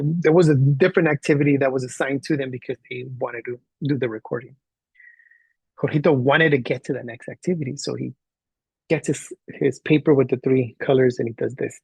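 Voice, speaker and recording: Guy teaching a class, acting out his stories, raspy gravelly voice, dry sound. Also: mid-range voice, no room sound. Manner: animated, acts out quoted dialogue. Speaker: college instructor. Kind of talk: storytelling lecture to students.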